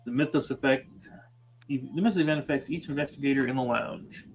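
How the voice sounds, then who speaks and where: A man's voice: mid-range voice, a little fast, breathy edge, faint music behind, poor audio. A man running a board game on a livestream, reading card text aloud between casual chat and laughs.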